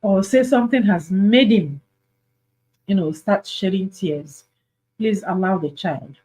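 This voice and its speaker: A woman's voice: medium pitch, a little slow, dark tone, poor audio. A Nigerian woman hosting an advice talk, speaking earnestly and pleading, repeating her points for emphasis. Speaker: host.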